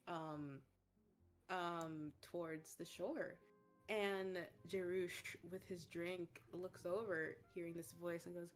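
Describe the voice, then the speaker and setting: A woman's voice: lowish voice, steady tone, takes it slowly, faint music behind. A woman narrating as game master in a tabletop game, rambling with lots of fillers.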